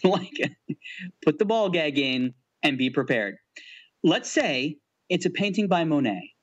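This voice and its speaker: Male podcast co-host, bantering and joking, lively slightly high voice. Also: unhurried, muffled recording. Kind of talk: casual argumentative chat.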